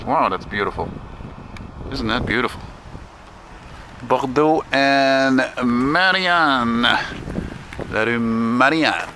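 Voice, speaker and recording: Strolling windy city streets, a man offers chatty, profane, grumbling vlog commentary into his handheld camera. His voice is mid-range and fairly bright, with street traffic and wind audible behind it.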